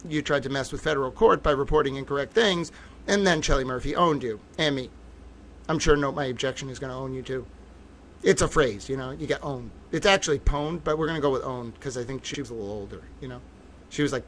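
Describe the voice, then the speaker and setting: A man hosting a livestream as a reporter, giddy and sarcastic with loud profane outbursts. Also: mid-range voice, quick pace, a little hiss or hum. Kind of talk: ranting livestream commentary.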